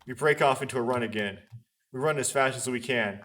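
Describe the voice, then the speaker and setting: A man hosts a let's play, reading a visual novel aloud with earnest drama. He stumbles and restarts now and then and slips in wry asides. His voice sits at an ordinary middle pitch. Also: a little fast, a bit bright.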